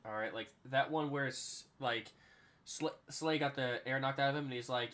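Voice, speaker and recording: Young male podcast co-host, lively sports chatter, quick to laugh and mimic players. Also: medium pitch. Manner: animated, laughs often, does player impressions. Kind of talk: casual sports chat.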